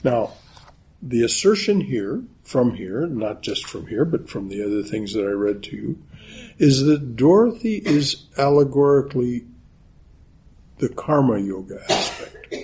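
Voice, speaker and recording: A man reading from a storybook and explaining its hidden meaning in a thoughtful, halting way. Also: medium pitch, very animated, darkish tone, slight background noise, poor audio. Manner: thoughtful, with frequent fillers and restarts. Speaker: teacher. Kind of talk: reading and commenting on a book.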